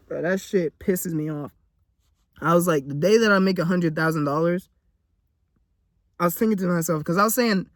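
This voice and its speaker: A man's voice: high voice, moderate pace, long pauses, a bit bright, no room sound, clean studio sound. A young man venting in a casual, profane, blunt monologue to camera, ranting about money and frustration. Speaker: vlogger.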